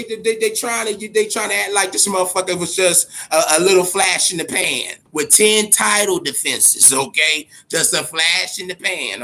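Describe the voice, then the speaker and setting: A man hosting casual, profane boxing commentary, animated and repeating himself as he talks to his audience. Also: sits high, gravelly.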